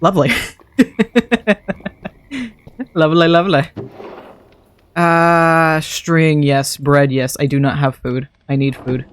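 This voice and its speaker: A man's voice: on the high side, monotone, unhurried, fairly bright tone, clear, resonant tone. A man streaming a modded game, chatting casually and thinking aloud to himself as he plays. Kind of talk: casual gameplay commentary.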